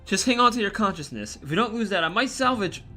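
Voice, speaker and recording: A man voicing a flustered, nervous male doctor in a game, hurried and apologetic. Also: high voice, expressive, sharp tone, soft background music, heavily acted.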